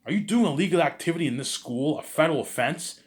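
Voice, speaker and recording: A stern male teacher with a loud, scolding voice, pitched a little higher than the storyteller's own, as a man puts him on while telling a story. He sounds demanding and outraged. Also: animated, quick pace, lightly acted.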